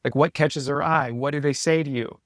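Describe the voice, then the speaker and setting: A male podcast host with a fairly high voice, chatting casually and circling his point with fillers and restarts. The sound is dry and close, with no room around it. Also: fairly even intonation, a little fast, dry recording. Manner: rambling, many "like" fillers and restarts. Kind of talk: casual interview chat.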